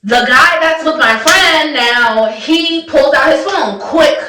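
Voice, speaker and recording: A young woman telling a personal story in a casual, slangy, animated way, acting out her own reactions. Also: sits high, slow, far from the mic, crowd noise. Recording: echoey room, voice away from mic.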